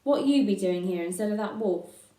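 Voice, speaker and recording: A croaky old ewe from a storybook, blunt and motherly, with a rough rustic way of talking, as a woman reading aloud puts her on. The voice is mellow and sounds a little far off in an echoey room. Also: medium pitch, expressive, moderate pace, lightly acted. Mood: gruff.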